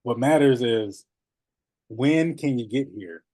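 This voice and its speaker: A man coaching notaries in a casual, animated talk, laughing often and repeating phrases. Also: medium pitch, takes it slowly, no room sound.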